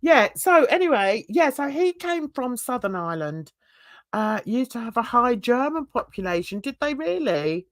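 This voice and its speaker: Brief: older woman from England, livestream host, animated, laughs often, dry video-call sound. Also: moderate pace, dry recording. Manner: animated, laughing, swearing, jumps into high excited squeals. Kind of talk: casual livestream chat.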